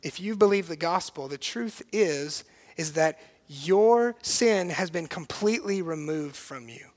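A man preaching a sermon as pastor, earnest and emphatic, swinging from hushed, quiet lines to loud, forceful ones. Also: on the high side, lively intonation, measured pace.

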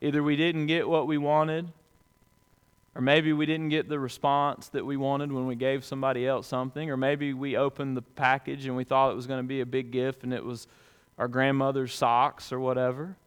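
A man preaching a sermon to a congregation, conversational and folksy, swinging between loud emphatic peaks and hushed low lines. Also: flat delivery, normal speed, clean tone. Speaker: pastor.

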